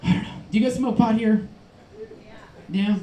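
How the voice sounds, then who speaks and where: Brief: man, stand-up comic, high voice, manic storyteller, echoey club room. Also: normal speed. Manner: manic storytelling, shouted asides. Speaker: stand-up comedian. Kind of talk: stand-up set. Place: comedy club stage.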